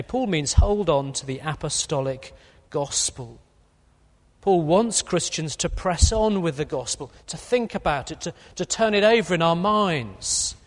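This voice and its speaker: A man preaching an earnest expository sermon, with a few fillers. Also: on the high side. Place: church. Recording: long hall reverb.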